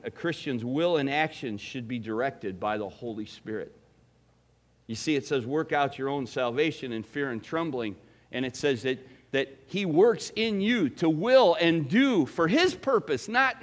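A middle-aged male pastor preaches with a high, light voice. He talks in a relaxed, folksy way and keeps asking his congregation questions. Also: a little slow. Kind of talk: sermon.

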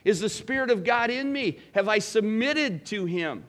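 A man's voice: high-pitched, expressive, normal speed. A middle-aged man preaching a sermon in a conversational, folksy way, asking the congregation questions. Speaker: pastor.

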